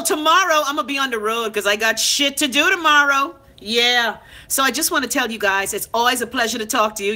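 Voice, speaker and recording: A brash Bahamian woman in her thirties rants at medium pitch while hosting a live stream and reading viewer comments. Her casual, unfiltered talk is blunt, profane, and animated, and she talks back to the commenters.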